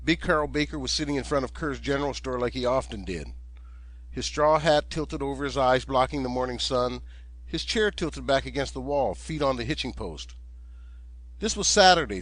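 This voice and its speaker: A man, the author, narrating his own audiobook in a steady, gentle storytelling manner. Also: medium pitch, no echo.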